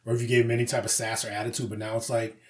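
A man's voice: mid-range voice, little pitch movement, rapid-fire. A man co-hosting a podcast, telling a story in casual chat with heavy swearing and acted-out quotes. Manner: profane storyteller, acts out quoted voices. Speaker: podcast co-host.

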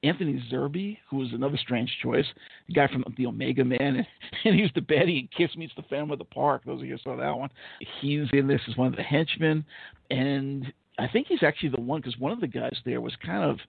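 A blunt, sarcastic man rambles through a film review, swearing freely and leaning on fillers. His voice is gravelly and husky, and it comes through a dry, tinny, phone-like line. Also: medium pitch, brisk, dry recording. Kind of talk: casual opinionated film-review chat.

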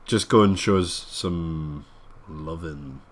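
A man co-hosting a podcast, with a low voice and a loose, rambling delivery. He jokes around and often restarts his sentences as he chats. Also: takes it slowly. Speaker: podcast co-host. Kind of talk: casual podcast chat.

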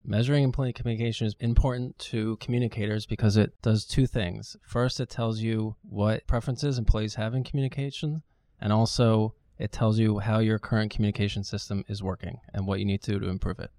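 A man who is a manager, a guest on a podcast, explaining things in a measured, matter-of-fact way. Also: lowish voice, fairly even intonation, mellow, dry recording, studio quality. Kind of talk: podcast interview.

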